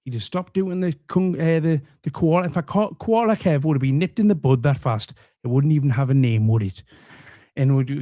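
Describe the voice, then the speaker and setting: A man's voice: fairly high pitch, a little fast, warm tone, no room sound, clean studio sound. A man giving mocking, rambling comedy commentary with a sarcastic, teasing manner.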